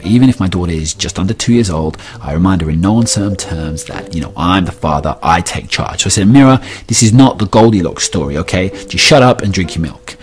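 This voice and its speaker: A man telling a comic story about himself as a father, in a wry, self-mocking manner. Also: deep voice.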